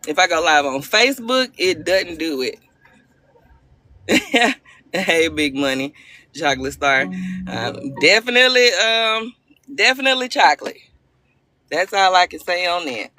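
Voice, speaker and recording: A woman's voice: on the low side, animated, measured pace, vocal fry, sharp tone. A woman hosting a casual phone livestream, upbeat and chatty, greeting her viewers by name. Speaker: livestream host.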